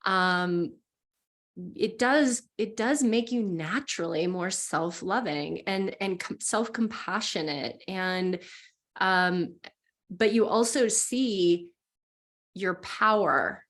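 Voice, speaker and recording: A woman's voice: medium pitch, takes it slowly, a bit bright. A woman guest who teaches spiritual practice, explaining earnestly and encouragingly and voicing inner thoughts as quotes. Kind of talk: explanatory conversation.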